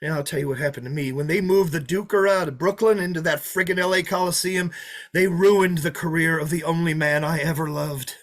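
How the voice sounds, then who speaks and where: An actor playing a menacing drifter who taunts his hostages, swinging from loud mockery to hushed threats, in a play reading. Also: a little high, steady tone, brisk, natural voice. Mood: reminiscing. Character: menacing, sneering drifter holding a diner hostage. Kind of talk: play read over a video call.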